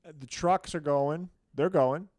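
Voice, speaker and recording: A man's voice: fairly high pitch, a little slow, a little mellow, dry recording. A man from Canada co-hosting a comedy podcast, teasing his friend and laughing a lot in casual chat. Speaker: podcast co-host.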